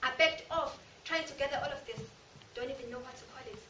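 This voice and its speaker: A drama student performing a stage monologue as a remorseful woman haunted by a mob killing, anguished and confessional, swinging from hushed to loud. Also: high voice, quick pace. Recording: echoey room, from far off, noisy.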